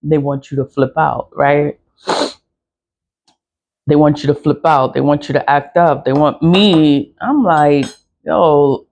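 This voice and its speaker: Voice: medium pitch, fairly even intonation, slow, vocal fry, long pauses, darkish tone, dull audio. Vlogger, frank and foul-mouthed, repeats themselves while venting casually. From the Bronx, New York. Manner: blunt, profane, repetitive venting. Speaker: spiritual practitioner and seller. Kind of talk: casual vlog monologue while doing a candle ritual.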